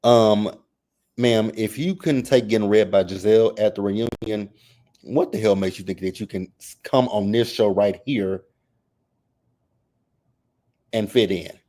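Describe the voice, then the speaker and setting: A man hosting a casual reality TV recap, reading chat comments and reacting in a sassy, animated way. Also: unhurried, long pauses. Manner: sassy, animated, mimics cast members with exaggerated high voices; repeats phrases for emphasis.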